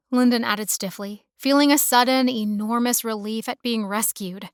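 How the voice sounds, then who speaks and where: Woman audiobook narrator, romance novel, steady delivery, smooth clear tone, close dry sound. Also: a little high, normal speed, hardly any pauses, no room sound.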